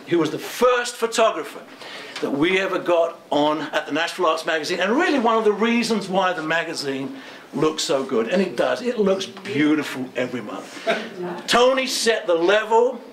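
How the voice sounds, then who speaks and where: A man's voice: on the high side, fairly bright tone, reverberant. A middle-aged man with a British accent, a magazine publisher giving a chatty, enthusiastic gallery opening speech in a museum, laughing often. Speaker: magazine publisher introducing an exhibition.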